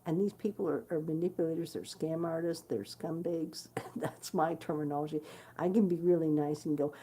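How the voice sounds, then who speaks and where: A woman's voice: sits low, steady tone, normal speed, dark tone, breathy edge. A woman musician talking casually to her followers, blunt and swearing freely, with many fillers and restarts. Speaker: guitarist hosting her own stream. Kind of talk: casual direct-to-camera chat.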